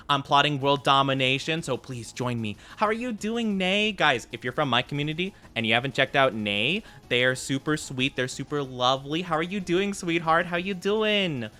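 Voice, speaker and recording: A man's voice: a little high, pushed and bright. A man streaming as a VTuber, chatting playfully with his viewers and laughing easily. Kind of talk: casual live-stream chat with viewers.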